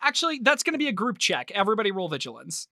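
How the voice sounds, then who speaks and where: A man's voice: sits high, big pitch swings, racing, pushed and bright, dry recording. A man narrating as game master in a tabletop game, talking casually and rambling with lots of filler. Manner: casual, rambling, full of "like" and laughter.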